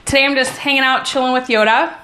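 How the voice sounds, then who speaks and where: A woman's voice: high voice, steady tone, quick pace, bright, forceful tone, roomy sound, slight background noise. A woman who is a runner and a mom, talking in an upbeat, enthusiastic and encouraging way in a casual motivational vlog.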